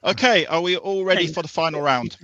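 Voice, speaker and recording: Male quiz host, bright and punchy, dry close mic. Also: a little high, a little fast, dry recording, muffled recording. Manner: upbeat, jokey, runs the quiz rounds. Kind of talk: casual quiz hosting on a live stream.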